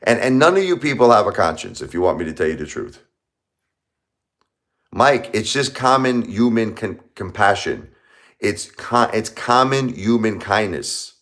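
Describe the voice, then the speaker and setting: Low-voiced man lecturing his chat. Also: big pitch swings, a little slow, fairly bright tone. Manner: confrontational, repetitive, lecturing. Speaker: livestream host. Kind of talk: live-stream rant at chat.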